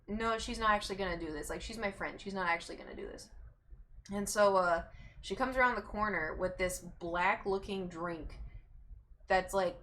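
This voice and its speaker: A woman's voice: mid-range voice, slight background noise. A young woman streamer animatedly telling a story from her childhood to her chat. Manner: animated, acts out quoted voices. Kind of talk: casual storytelling.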